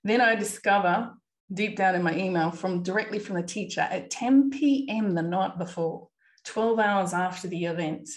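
A woman's voice: mid-range voice, moderate pace. A woman in her thirties hosting a podcast, earnestly retelling a distressing family episode with quoted dialogue. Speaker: podcast host and parent. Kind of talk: personal storytelling monologue.

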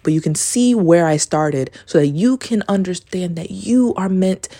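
A woman's voice: lowish voice, a little slow, warm tone, dry recording, clean studio sound. A woman hosting a casual solo podcast, telling a story in a rambling way. She fills her talk with "like" and swears casually. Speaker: podcast host.

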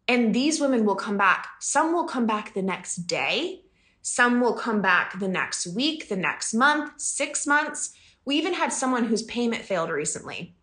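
A woman's voice: on the high side, lively intonation, unhurried, sharp tone. A woman business coach talking casually to her audience, chatty and emphatic, often laughing. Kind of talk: casual podcast talk. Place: home in the country.

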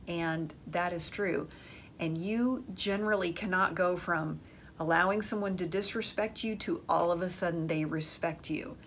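A woman's voice: medium pitch, fairly bright tone, slight background noise. Frank woman giving dating advice. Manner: frank, emphatic, storytelling. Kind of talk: direct advice talk to women.

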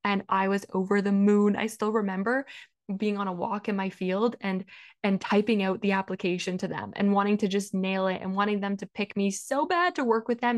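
A woman talks through her own business journey in an earnest, heartfelt monologue. Her pitch sits in the middle range. She fills her speech with "like" and restarts her phrases, and she sounds personal and emotional. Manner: earnest, emotional, fond of "like" and repeated words. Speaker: business coach and podcast host.

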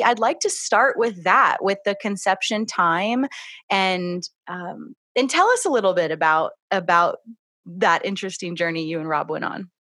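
A woman's voice: lowish voice, fairly bright tone, no room sound, clean studio sound. A woman hosting a podcast interview, encouraging her guest with prompting questions. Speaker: podcast host.

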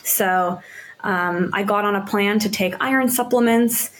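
Woman podcast guest, runner and yoga teacher; relaxed, upbeat, chatty with lots of fillers. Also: medium pitch, a little slow. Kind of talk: casual interview chat.

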